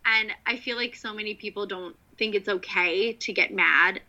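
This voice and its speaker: A woman talking casually as a podcast co-host, rambling with plenty of likes and the odd curse. Her tone is very bright. The recording is dull and lo-fi. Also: medium pitch, normal speed. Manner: chatty, swearing, fillers of like. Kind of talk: casual chat.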